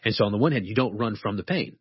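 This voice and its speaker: A man, a professor and author, talking earnestly about faith and quoting scripture slowly and deliberately. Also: fairly low pitch, lively intonation, slightly rough, dry recording, dull audio. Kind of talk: conversational teaching on faith.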